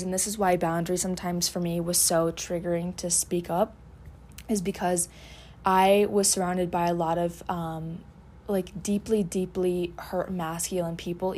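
A woman's voice: lowish voice, darkish tone, a little hiss or hum. A woman hosting a casual podcast, talking in an earnest, heartfelt way about communication and boundaries. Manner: earnest, repetitive, heartfelt phrasing. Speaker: podcast host. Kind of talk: casual reflective chat.

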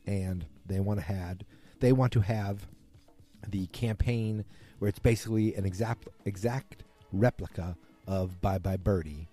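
A man's voice: low voice, a little slow, mellow, faint music behind. A man hosting a podcast, casually recapping a TV episode in a rambling, self-correcting way. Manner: rambling, self-correcting, quoting characters loosely. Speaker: podcast host.

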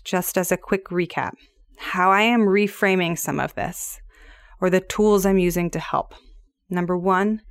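A woman, probably in her thirties, hosting a reflective solo podcast in a gentle, earnest and measured way. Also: lowish voice, dry recording, clean studio sound. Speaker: podcast host.

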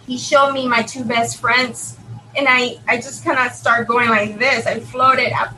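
A middle-aged woman telling a personal testimony in an earnest, halting, emotional way. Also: on the high side, steady tone, pushed and bright, slight background noise, low-quality recording. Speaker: guest telling her near-death story.

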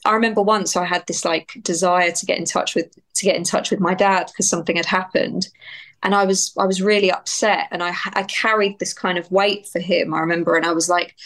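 A woman speaks as a guest in a candid interview, with a slightly lower voice. She is reflective and heartfelt and often circles back to restart a phrase. Her tone is open and unguarded. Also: fairly bright tone. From United Kingdom. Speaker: guest, actor and writer.

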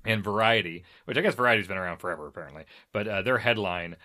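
A man co-hosting a podcast, chatting casually about an old film, animated and jokey. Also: fairly low pitch, quick pace. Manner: animated, jokey, slips into silly impressions.

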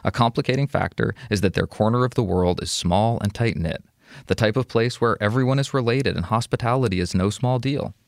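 A man with a lowish voice reads a listener's letter in an even, measured way. He is recorded close and dry. His delivery is calm and plain. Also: vocal fry, no echo. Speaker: advice podcast co-host. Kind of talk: reading a listener letter, then casual chat.

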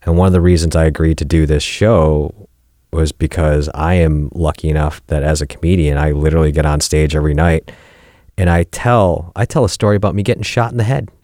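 Very deep-voiced wry male host. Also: steady tone, fairly quick, a little mellow, no room sound, clean studio sound. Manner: wry, self-deprecating joking. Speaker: host and comedian. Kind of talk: podcast narration and conversation.

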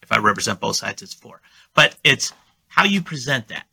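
Gravelly, bright-voiced salesman on a call. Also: big pitch swings, moderate pace, no echo. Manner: confident, salesy, demonstrates his pitch. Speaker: real estate agent guest. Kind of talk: conversational podcast interview. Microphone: remote call.

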